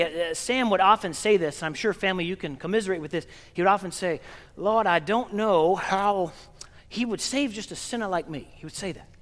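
A priest from Oklahoma giving an earnest, gently paced funeral sermon in a large church. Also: male voice, sits high. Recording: long reverb of a church hall.

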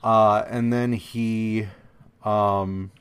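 A man's voice: on the low side, level tone, a bit bright, clear, resonant tone. A man co-hosting a casual podcast, recapping a comic with many ums and meandering asides. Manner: meandering, lots of ums, quick acted quotes. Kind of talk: casual chat.

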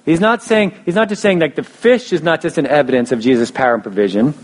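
A man's voice: fairly high pitch, fast. Casual young male preacher, restarts. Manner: casual storytelling with many restarts and fillers. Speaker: pastor. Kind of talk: sermon.

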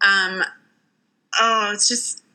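A young adult woman hosting a casual podcast chat, animated and emphatic, laughing often. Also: medium pitch, drawn-out words, poor audio. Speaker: podcast host, sex worker.

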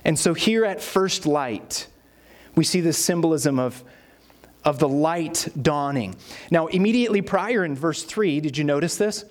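A male pastor, delivering a sermon. His voice sits a little higher than most men's. He tells stories and acts out the quotes along the way. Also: unhurried. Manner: storytelling with acted-out quotes.

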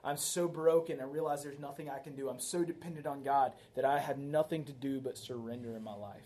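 A man's voice: mid-range voice, fairly even intonation, fairly quick, darkish tone, a little hiss or hum. A man preaching a sermon in a conversational way, often tagging his points with "right?" and telling a story to make them. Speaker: pastor.

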